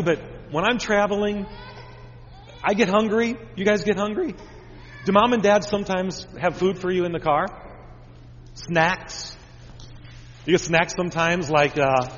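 A man speaks to children in a raised, friendly voice and keeps asking them simple questions. His words ring out with a long church reverb. The recording is dull, with a faint hum of ambience behind him. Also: sits high. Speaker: pastor. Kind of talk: children's sermon.

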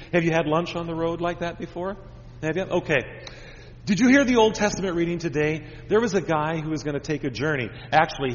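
A pastor giving a children's sermon, talking gently with the kids and asking them lots of simple questions. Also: male voice, fairly high pitch, a little hiss or hum. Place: church. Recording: dull recording with long church reverb.

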